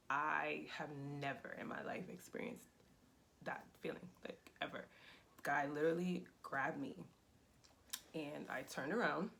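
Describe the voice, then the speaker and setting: A young adult woman, telling a personal story in a casual, animated vlog style with lots of fillers. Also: deep voice, creaky, a little hiss or hum. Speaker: vlogger.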